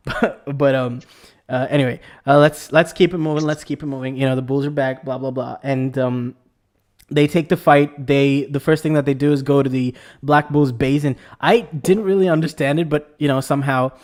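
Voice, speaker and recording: A man hosting a casual anime discussion, rambling and excitable with lots of fillers and restarts. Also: mid-range voice, normal speed. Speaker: podcast host.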